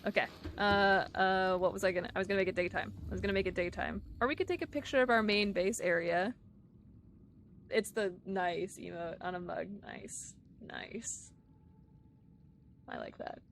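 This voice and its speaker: A woman's voice: mid-range voice, steady tone, brisk, a little hiss or hum. A woman streamer chatting casually with her viewers while playing a game live, giggling often. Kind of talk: live-streamed gameplay chat.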